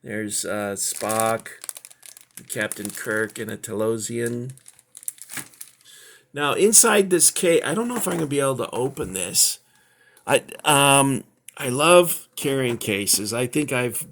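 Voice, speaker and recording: Middle-aged male collector host, unhurried, rambling casual chat full of ums. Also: medium pitch, creaky, fairly bright tone. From Southern California. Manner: rambling, halting, many fillers. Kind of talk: casual show-and-tell chat.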